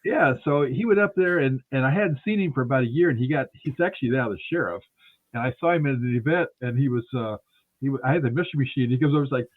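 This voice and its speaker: A husky man talks at a quick clip, spinning a rambling story and voicing each person in it. He sounds thin and tinny, as if he is coming in over a phone line. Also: medium pitch. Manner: rambling anecdotes, acting out the dialogue. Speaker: radio show host. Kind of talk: casual storytelling interview.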